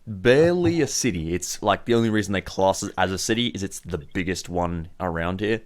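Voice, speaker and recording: A low-voiced Australian man running a tabletop game for a big group. He narrates in a loose, chatty way and breaks into laughter often. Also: animated, brisk. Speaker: game master.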